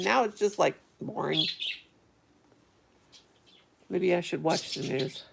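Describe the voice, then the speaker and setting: Gravelly-voiced chatty woman. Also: on the low side, slow pace, long pauses, slight background noise. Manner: rambling, chatty, talks to viewers. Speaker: vlogger reading live chat. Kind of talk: casual live-stream chat.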